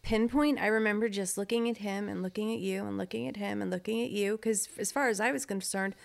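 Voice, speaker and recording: A woman's voice: mid-range voice, steady tone, quick pace, gravelly. Woman podcast co-host, casual chat, teasing, jumps in to finish sentences.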